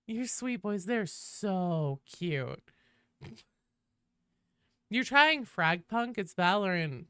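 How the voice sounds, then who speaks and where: A woman streamer chatting casually with her viewers while gaming. She swears freely and greets people in a high sing-song. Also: sharp tone, clean tone, no echo. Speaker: game streamer.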